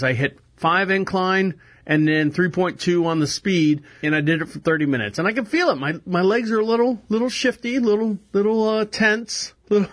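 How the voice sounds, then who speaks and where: A man's voice: high voice, fairly bright tone. A man hosting a live podcast in a small studio, rambling casually and laughing at himself, on a close headset mic. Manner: rambling, self-deprecating, laughs often. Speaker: podcast host. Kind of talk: casual live show monologue. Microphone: headphones with microphone close to face.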